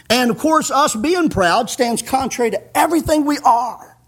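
A man preaching a sermon in a folksy way, chuckling, dropping in "amen" and rising to shouts. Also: very high-pitched, slightly rough. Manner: punctuates with "amen".

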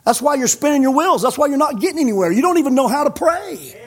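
A male pastor preaching a fiery sermon, emphatic and scolding, rising to shouts. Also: very high-pitched, expressive, quick pace.

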